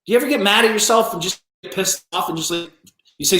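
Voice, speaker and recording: A man's voice: high voice, fast talker, bright, forceful tone. Blunt, scolding man in an echoey room. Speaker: business owner. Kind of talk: motivational live-stream rant.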